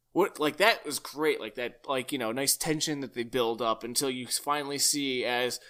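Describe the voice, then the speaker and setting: A man's voice: medium pitch, pushed and bright. A man co-hosting a podcast, chatting eagerly about a film and jumping in with details. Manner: enthusiastic, chatty, jumps in with details. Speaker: podcast co-host. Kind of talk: casual film discussion.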